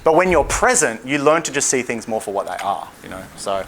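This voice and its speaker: A man's voice: mid-range voice, sing-song, fairly quick, a little hiss or hum. A young Australian man giving a seminar talk as a dating coach, blunt and profane, acting out quotes in a livelier voice. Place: seminar room.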